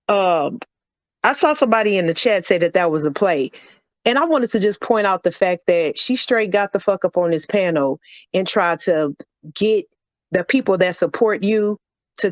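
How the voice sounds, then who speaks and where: A woman phones in from home during a storm and delivers a heated, profane, highly repetitive rant. Her medium-pitched voice comes through as dry, dull, lo-fi phone audio.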